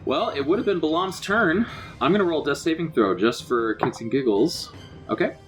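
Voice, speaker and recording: A man's voice: on the high side, animated, normal speed, faint music behind. Man narrating as game master. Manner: vivid descriptive narration.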